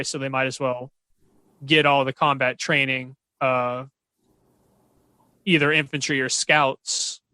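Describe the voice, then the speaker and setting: Man, bright crisp voice, monotone, matter-of-fact podcast talk. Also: medium pitch, no room sound. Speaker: podcast co-host, Army veteran. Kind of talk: casual discussion.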